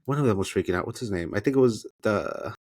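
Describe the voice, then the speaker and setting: A man co-hosting a podcast, reacting expressively and chattily to a reality TV episode. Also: on the low side. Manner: expressive, chatty, quick asides. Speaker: podcast co-host. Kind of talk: casual TV recap chat.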